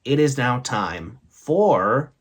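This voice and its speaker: A man's voice: mid-range voice, very animated, drawn-out words, heavy background noise. A man hosting a comedy show, delivering corny jokes and a monologue with a playful, theatrical manner. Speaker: host. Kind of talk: comedic joke-telling monologue.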